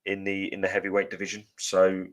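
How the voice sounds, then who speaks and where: A man's voice: low voice, monotone, a little fast. A man co-hosting a podcast, telling rambling anecdotes full of ums and uhs. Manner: rambling anecdotes with many fillers. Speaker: podcast co-host. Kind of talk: casual chat. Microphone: podcast microphone.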